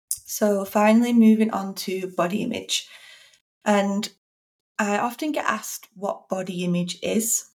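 A woman hosting a solo podcast as a coach, with a slightly low voice. She talks frankly and encouragingly, with dry sarcasm now and then. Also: darkish tone.

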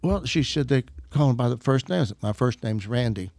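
A man's voice: medium pitch, expressive, a little fast, darkish tone, no echo. A man from Arkansas telling a story in casual conversation, chuckling as he goes. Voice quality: gravelly, laughs while telling stories.

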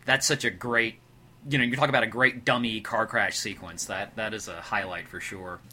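A man with a low, bright voice talks through a film scene on a podcast. His delivery is loose and rambling, full of fillers and restarts. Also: fairly even intonation, brisk, a little hiss or hum. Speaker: podcast co-host. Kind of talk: casual movie discussion.

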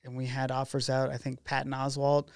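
A man speaking at an ordinary pitch tells a story to a podcast host, slipping into other people's voices as he quotes them. His tone is gravelly with a light creak. The sound is dry and close-miked with no room around it. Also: brisk, no echo. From Oregon. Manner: animated storyteller who acts out quoted dialogue. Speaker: documentary filmmaker guest. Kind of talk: casual storytelling interview.

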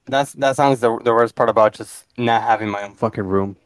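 A man's voice: mid-range voice, a little fast, smooth, no echo. Give me a blunt, swearing young man as a podcast guest, dry sound. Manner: swears a lot, blunt and offhand. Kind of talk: casual chat.

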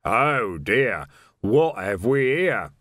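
A man's voice: fairly low pitch, sing-song, drawn-out words, fairly bright tone, no echo, clean studio sound, full character voice. A man voicing a sly, corrupt male sergeant who sounds falsely earnest and smug.

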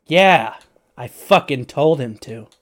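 A hulking, short-tempered hermit bellows at trespassers, gruff and cursing with every breath, as a game master puts him on. The voice sits at a middle pitch and turns loud and hot at the peak of his anger. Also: a little slow. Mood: scornful. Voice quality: gruff, swearing constantly. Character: huge surly hermit man guarding his cabin.

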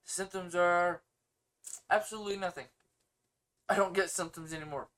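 A man's voice: high-pitched, steady tone, normal speed, a bit bright, smooth. A man in his thirties with a stuffy nose, co-hosting a casual podcast and ranting with sarcastic, opinionated energy. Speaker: podcast co-host.

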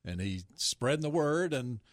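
A man hosts a radio gardening show, sounding folksy and jovial as he banters with his co-hosts. His voice sits at a middling pitch. The studio sound is close and dry. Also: sing-song, moderate pace, no room sound. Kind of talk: casual radio chat. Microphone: studio microphone.

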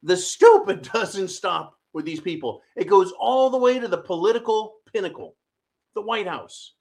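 Male host, fairly high voice, mocking and combative, ranting political commentary. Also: lively intonation, normal speed, gravelly. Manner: sarcastic, mocking, shouty rants with audience asides.

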